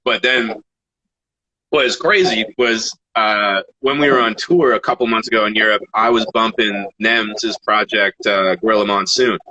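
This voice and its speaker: A man from Canada, a guest rapper, telling casual stories in an animated, swearing way. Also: fairly low pitch, moderate pace, no room sound, highs cut off. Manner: animated, swearing, laughs between phrases. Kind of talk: casual storytelling.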